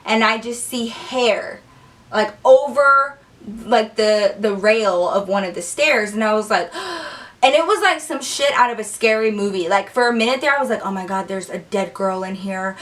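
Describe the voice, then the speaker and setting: Animated young woman telling a story. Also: on the high side, distant mic. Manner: animated, lots of "like" and cursing. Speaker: vlogger. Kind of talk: casual storytelling.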